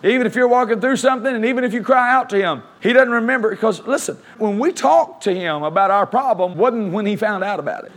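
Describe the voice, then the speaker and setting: A man preaching a sermon as pastor, reading scripture aloud and slowing down to stress key phrases, leading his congregation in call-and-response. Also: sits high.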